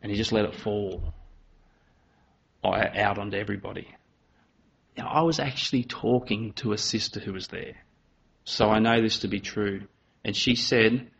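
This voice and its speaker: A man preaches to a congregation, his voice bright and forceful. He tells stories with lively swings, briefly acting out children's voices. The recording sounds a little dull and lo-fi. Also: on the low side, moderate pace, vocal fry, long pauses. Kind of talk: sermon.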